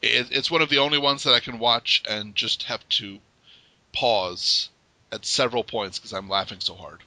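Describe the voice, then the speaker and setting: A man hosting an interview show, asking questions in an animated, joking way with some stammering. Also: mid-range voice, moderate pace, no room sound. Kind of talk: casual interview chat.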